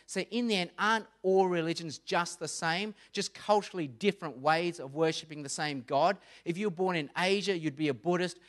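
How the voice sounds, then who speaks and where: Lively man giving a talk. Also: sits high. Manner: animated storytelling with acted-out voices. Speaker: speaker. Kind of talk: evangelistic talk.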